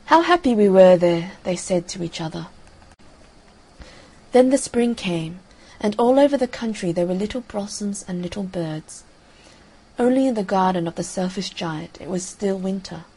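A woman narrating a fairy tale audiobook in a calm, measured storytelling manner. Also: mid-range voice, breathy edge, poor audio.

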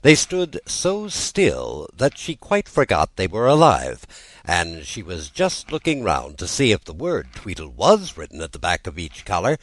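A man reading a classic storybook aloud as narrator, with an expressive delivery. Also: low-pitched, unhurried, no room sound, poor audio. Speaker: audiobook narrator.

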